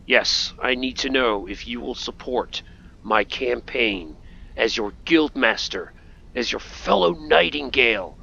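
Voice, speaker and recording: A man's voice: medium pitch, unhurried, creaky, sharp tone, lo-fi sound, a little hiss or hum. A man doing jokey playthrough commentary, talking back to game characters. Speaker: gaming host.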